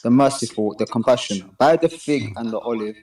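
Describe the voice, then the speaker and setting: Mellow-voiced man, hesitant caller. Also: mid-range voice, fairly quick. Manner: hesitant, asks for repeats and clarification. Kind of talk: casual debate talk.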